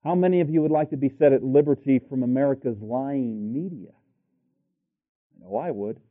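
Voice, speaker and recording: A man's voice: mid-range voice, normal speed. Male preacher, sermon, emphatic rhetorical questions, tinny phone-like sound. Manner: rhetorical questions to the congregation, rising to loud emphatic peaks.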